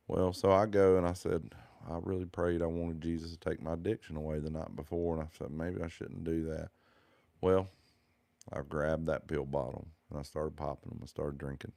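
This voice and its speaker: A man's voice: sits low, vocal fry, warm tone, clear, resonant tone, no echo. A man, telling his personal testimony in an earnest, heartfelt, rambling way.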